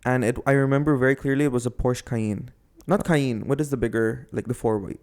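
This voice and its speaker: A man's voice: mid-range voice, brisk, darkish tone. Casual rambling man telling a story. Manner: rambling, self-correcting, jokey. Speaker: podcast co-host.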